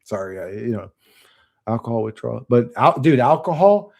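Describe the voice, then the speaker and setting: A man's voice: medium pitch, very animated, normal speed, vocal fry, darkish tone. A man rambling casually to his stream chat, swearing and laughing often. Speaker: channel host.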